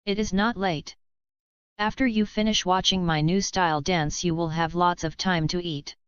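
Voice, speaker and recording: A woman's voice: on the low side, steady tone, moderate pace, clean tone, no echo, natural voice. A woman voicing a clever male rabbit trickster who coaxes and persuades, in a dull lo-fi recording. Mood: coaxing. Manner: coaxing, persuasive.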